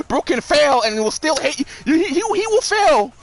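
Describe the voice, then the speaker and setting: High-voiced, animated young man rambling. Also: normal speed, vocal fry, faint music behind. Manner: profane, rambling, frequent restarts and laughs. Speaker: streamer. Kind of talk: casual commentary while gaming.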